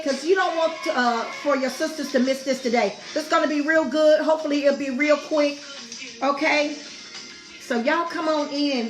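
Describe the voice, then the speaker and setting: A middle-aged woman with a high voice greets her livestream audience at an unhurried pace. She keeps repeating her welcomes to viewers. Her voice rings in an echoey room, with faint music behind her. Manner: warm, effusive, repetitive greetings to viewers. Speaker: host of a women's fellowship livestream. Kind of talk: casual live-stream welcome.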